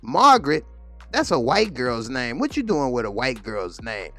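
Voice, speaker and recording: A man voicing a hostile, taunting male police officer who sneers and shouts. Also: mid-range voice, huge pitch swings, a little slow, no room sound, soft background music, exaggerated voice. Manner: sneering, aggressive, loud.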